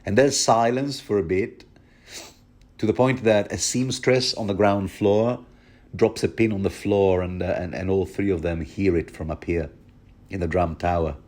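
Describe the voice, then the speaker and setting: A man with a fairly low voice hosting a podcast of book commentary. He talks in a loose, chatty way, cracking jokes and wandering into asides. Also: steady tone, normal speed, darkish tone. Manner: jokey, chatty, full of asides. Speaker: podcast host. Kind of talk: casual chapter commentary.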